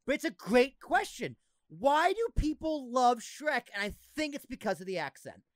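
A man in casual podcast chat, excitable and profane, often laughing as he talks. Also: very high-pitched, moderate pace, dry recording. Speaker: podcast co-host.

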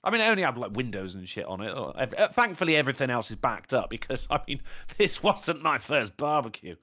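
Sweary British man with a very lively pitch. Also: fast talker. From Britain. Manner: swearing, laughing, storytelling. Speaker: podcast co-host. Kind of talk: casual chat.

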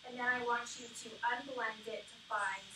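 A woman's voice: fairly high pitch, fairly even intonation, moderate pace, background noise. A woman teaching a phonics lesson to a small group of children, coaxing call-and-response answers in an upbeat way. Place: classroom. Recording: echoey classroom from far off.

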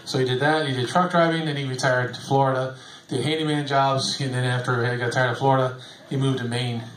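A man's voice: medium pitch, level tone, a little fast, a bit bright. A middle-aged man, a bus driver, telling rambling stories to a group in a casual, chuckling, self-deprecating way. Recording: echoey room, faint background ambience.

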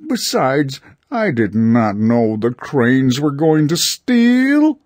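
A man's voice: medium pitch, very animated, slow, darkish tone, no room sound, clean studio sound. A man reading a storybook voices a simple, trusting male stork begging for mercy. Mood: pleading. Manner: pleading, earnest.

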